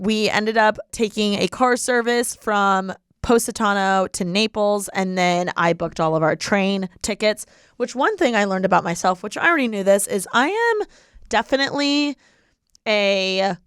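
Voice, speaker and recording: A young woman in her twenties from LA hosts a casual podcast chat at a measured pace, her mid-range voice clear and resonant. She's giggly and bubbly, using many filler words, in a studio-quality recording with no echo.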